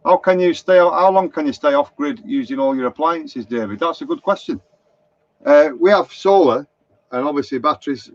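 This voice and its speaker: A motorhome vlogger from Lancashire, England, chats away on a live stream, telling anecdotes and reading out viewer comments at a moderate pace. His voice sits a little high, and the lo-fi stream sounds dull and dry, with no echo.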